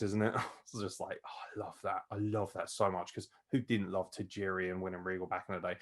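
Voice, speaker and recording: A man hosting a casual wrestling review, excitable, swearing freely and laughing often. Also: lowish voice. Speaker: podcast host.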